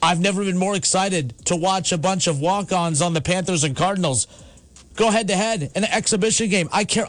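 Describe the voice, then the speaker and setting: A man hosting a call-in sports talk show from the United States, ranting emphatically, with repeated words and restarts. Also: on the high side. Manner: emphatic, repetitive, stammering restarts. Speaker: sports radio host.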